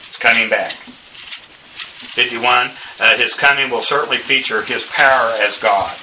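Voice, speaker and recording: A man teaching a bible study, working through numbered points in a halting way full of filler sounds. His voice is very bright and cutting. He sounds set back from the mic, with a faint hiss of noise behind him. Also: medium pitch, recorded from a distance, low-quality recording. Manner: halting, many filler uhs. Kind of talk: bible study lecture reading numbered notes.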